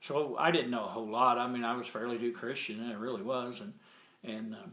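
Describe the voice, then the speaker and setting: Guy rambling thru his testimony, lots of uhs and ands, keeps going "he said i said", mid pitch, echoey room. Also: fairly even intonation, brisk, bright, forceful tone. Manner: rambling, with many fillers and restarts; retells dialogue with frequent "he said, I said". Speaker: Christian sharing a testimony. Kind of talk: casual spoken storytelling.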